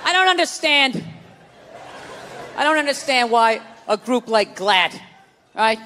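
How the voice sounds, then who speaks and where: A man with a very high voice, lively intonation and measured pace performs stand-up, ranting in a profane, exasperated way with mocking asides. The live club recording carries loud crowd noise and audience laughter.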